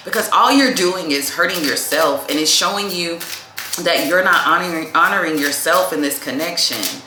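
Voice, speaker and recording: A woman's voice: deep voice, background noise. A woman giving a casual tarot reading to camera. She is chatty, calls the viewer "baby" and says "like" a lot. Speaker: tarot reader. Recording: echoey room.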